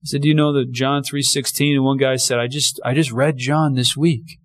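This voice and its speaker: A man's voice: mid-range voice, flat delivery, normal speed. A man preaching a sermon in a conversational way, often restarting lines and acting out short quotes. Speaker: pastor.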